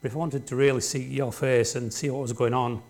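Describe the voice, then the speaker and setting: A man's voice: mid-range voice, level tone, fairly quick, darkish tone. A man delivering a sermon from the front of a church. His delivery is plain and conversational, with a middle-range voice. He keeps asking the congregation "isn't it?" and "don't we?" to keep them involved. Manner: conversational, leans on tag questions to the congregation. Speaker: preacher.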